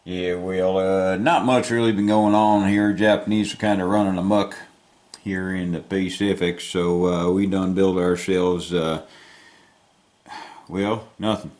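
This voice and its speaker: A man's voice: deep voice, steady tone, a little slow, darkish tone. A man voicing an easygoing American general with a put-on Texan drawl, rambling and folksy.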